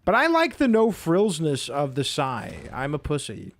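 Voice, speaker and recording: A man's voice: on the high side, huge pitch swings, a little slow. A man giving let's-play commentary as he plays, chatty and self-mocking, reacting aloud to the game. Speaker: gaming video creator.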